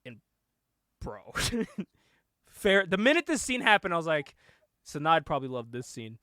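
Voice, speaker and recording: A young man co-hosting a casual show, excitedly retelling a movie plot, laughing often, swearing and acting out the lines. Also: on the high side, normal speed, no room sound, studio quality. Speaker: podcast co-host.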